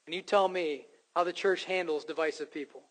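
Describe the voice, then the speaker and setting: A man delivers a sermon from the pulpit, emphatic and earnest, slipping in wry jokes at his own expense. His voice sits fairly high for a man. The sound rings with the long reverb of a church sanctuary. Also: steady tone, fairly quick, fairly bright tone. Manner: emphatic preaching with self-deprecating jokes. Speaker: pastor.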